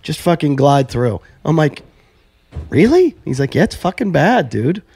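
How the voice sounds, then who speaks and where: Mellow-voiced podcast host telling stories. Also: male voice, on the high side, expressive, normal speed, vocal fry, husky. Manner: storytelling, acting out both sides of conversations. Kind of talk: casual chat.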